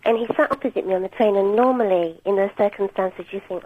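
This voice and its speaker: A woman's voice: mid-range voice, fast, slight background noise. A woman calling in to a radio show who tells a chatty story hesitantly, with many ums. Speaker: caller. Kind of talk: phone-in call. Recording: tinny phone line.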